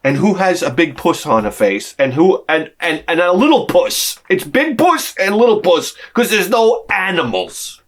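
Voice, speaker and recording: Guy ranting thru a family story, voice bouncing all over, kinda high, drops f-bombs. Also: moderate pace, few pauses. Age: adult with a young son. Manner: expressive, swears freely, acts out the people in his story. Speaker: video creator. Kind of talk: animated personal storytelling.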